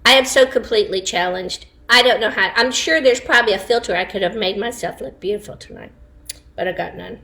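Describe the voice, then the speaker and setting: Chatty, bright-voiced woman. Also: mid-range voice. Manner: chatty, laughs often, quick asides. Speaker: livestream host. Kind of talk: casual chat to online viewers. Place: home, indoors.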